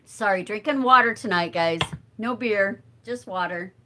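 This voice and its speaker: A woman's voice: mid-range voice, unhurried, bright, forceful tone, slight background noise. A middle-aged woman hosting a casual livestream, chatting with viewers and answering comments while she crafts, rambling and thinking aloud with lots of fillers. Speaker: livestream host.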